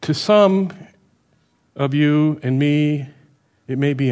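A middle-aged man giving a sermon in a conversational way, often checking with the listeners by asking "right?" and rising and dropping in loudness for emphasis. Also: on the high side, slow pace. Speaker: preacher.

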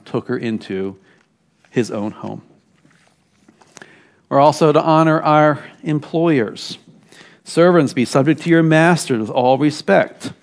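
Animated, lively-pitched male preacher. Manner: animated, emphatic preaching with sudden drops to quiet asides. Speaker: pastor. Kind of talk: sermon. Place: church.

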